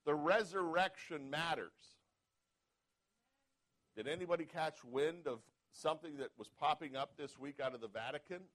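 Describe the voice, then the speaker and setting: Emphatic pastor preaching, calling "Amen?". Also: male voice, fairly high pitch, normal speed, low-quality recording. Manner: calls out "Amen?" to the congregation; swings between quiet asides and loud emphatic reading. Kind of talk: sermon.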